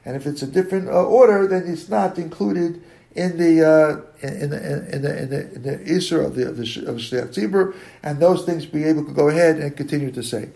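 A man leading a daily Talmud class in a high voice with a gravelly edge. He speaks haltingly and keeps circling back to rephrase. He slows right down to sound out words one by one. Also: warm tone. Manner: slowly sounds out words to show their pronunciation. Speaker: Talmud teacher.

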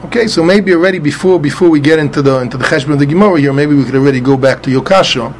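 A man with a rather high voice talks at a rapid clip against slight background noise. He's teaching a Talmud passage methodically, spelling out Hebrew letters and vowels in Ashkenazi pronunciation and frequently repeating words as he explains.

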